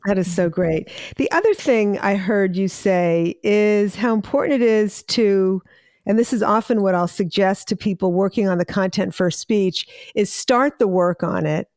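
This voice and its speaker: A woman's voice: medium pitch, moderate pace, a little mellow, no echo, studio quality. A woman hosting an interview, reflecting the guest's points back in a thoughtful, affirming way. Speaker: host. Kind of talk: casual interview conversation.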